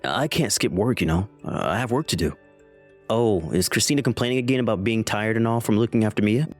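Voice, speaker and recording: A man reading the messages of a defensive, lying adult son in a text-message story, with soft music behind him. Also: lowish voice, fairly quick, close to an everyday voice. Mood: dismissive. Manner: defensive, dismissive.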